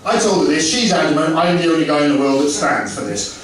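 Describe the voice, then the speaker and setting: A man's voice: a little high, sing-song, quick pace, slight background noise. A man performing stand-up comedy, working the crowd and acting out both sides of his stories with animation. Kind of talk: stand-up set with crowd work. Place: comedy club. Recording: echoey club from far off.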